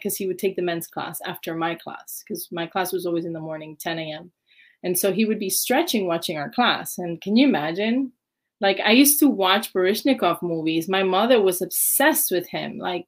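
A woman, a ballet dancer, chatting as an interview guest and acting out her own past reactions with lots of fillers. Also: medium pitch. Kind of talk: casual interview storytelling.

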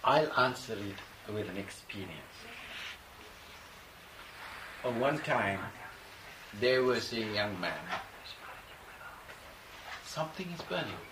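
A man's voice: fairly low pitch, slow, long pauses. A man, a spiritual teacher, telling a story to a gathering and acting out the voices in it. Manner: animated, acts out quoted dialogue. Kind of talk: storytelling answer to a question. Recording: echoey room, distant mic, noisy ambience.

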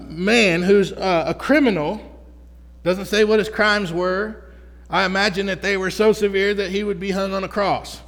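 A man preaching a sermon as pastor, talking to the congregation in an energetic, conversational way with frequent restarts. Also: high-pitched. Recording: hall reverb.

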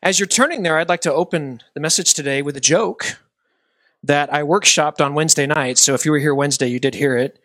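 A man's voice: a little high, brisk, fairly bright tone, dry recording. A middle-aged male pastor preaching a sermon, talking conversationally and self-deprecatingly before an earnest prayer.

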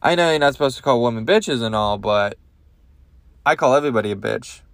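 A man's voice: mid-range voice, animated, fairly quick, clean tone, no room sound. Crude rambling man, dry close mic. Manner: crude, rambling rant with lots of swearing. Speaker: podcast host. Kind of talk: comedic monologue.

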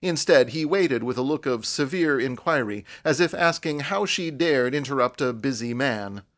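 In scripted audiobook narration, a man tells the story in a measured, even manner, his voice in the mid range.

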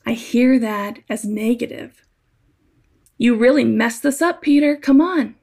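A woman speaks slowly in a reflective spoken essay, her fairly high voice carrying a gravelly fry. She talks gently and thoughtfully, in a conversational way.

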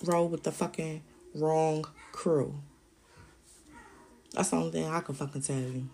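Gravelly low-voiced woman ranting profanely. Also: fairly even intonation, a little slow, dark tone, a little hiss or hum. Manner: profane, heated ranting delivery. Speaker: podcast host. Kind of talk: solo podcast rant.

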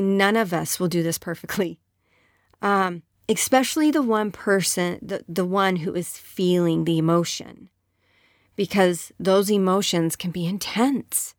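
A woman speaking on marriage and relationships gives advice in a conversational talk, often checking in with her audience with "right?" and "okay?" and acting out what spouses say in quoted voices. Her voice is medium in pitch, and the recording is dry and studio quality.

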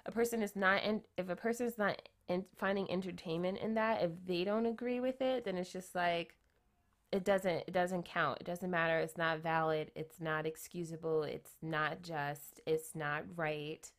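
A woman giving a casual tarot reading, chatty, often tagging her points with quick questions and repeating herself. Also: lowish voice, steady tone. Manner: chatty, keeps adding "right?" tag questions; repeats and restarts phrases. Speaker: tarot reader.

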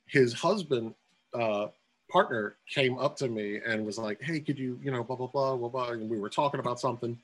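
Man telling animated anecdotes. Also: medium pitch, moderate pace, low-quality recording. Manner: excitable storyteller, acts out quotes. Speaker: guest. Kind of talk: casual storytelling.

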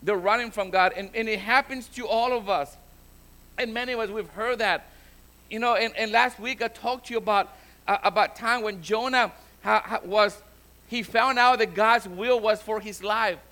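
A man's voice: sits high, moderate pace, bright, forceful tone. A man preaching a sermon as pastor, often repeating and restarting words and building to emphatic exhortation, switching between languages. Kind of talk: bilingual sermon.

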